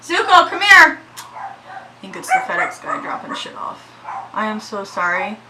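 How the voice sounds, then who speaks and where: A woman's voice: mid-range voice, wildly swooping pitch, measured pace, heavy background noise. A woman chatting casually through a makeup tutorial at home, shaky and anxious, swearing freely. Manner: chatty, swears freely, yells at her dogs. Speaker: beauty vlogger.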